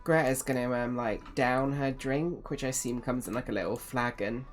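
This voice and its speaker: A woman with a notably deep voice, playing in a tabletop game and giving blunt, profane opinions. Soft music runs behind her. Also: fairly even intonation, normal speed. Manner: blunt, opinionated, swears freely. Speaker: player. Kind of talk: casual chat in a tabletop game.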